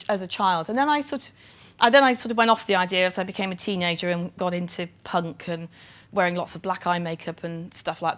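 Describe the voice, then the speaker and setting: A woman's voice: medium pitch, a bit bright. Middle-aged bristol woman doing a keynote talk, chatty, lots of ums, pokes fun at herself. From England (Bristol). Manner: chatty and self-deprecating, with many um fillers. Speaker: chief nursing officer giving a keynote. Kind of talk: conference keynote speech.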